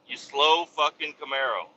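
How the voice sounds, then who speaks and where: A man's voice: a little high, pushed and bright. A man who drives a truck, ranting and telling stories in a casual driving vlog, swearing constantly. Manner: profane, heavy swearing, exasperated storytelling. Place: inside a moving truck cab. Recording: dull lo-fi recording with road noise.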